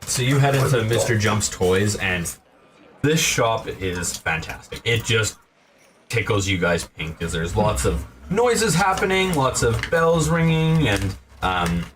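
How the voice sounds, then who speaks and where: A man narrating a tabletop game as game master, relaxed and rambling, with many fillers. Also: lowish voice, unhurried. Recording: distant mic, noisy room.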